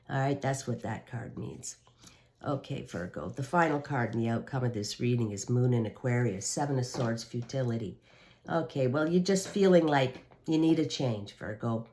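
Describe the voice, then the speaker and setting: A woman's voice: rumbling low, a little mellow. A woman hosting a tarot reading video, talking straight to the viewer in a reassuring way and often checking in with "okay". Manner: reassuring, repeats "okay" and the listener's sign. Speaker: tarot reader.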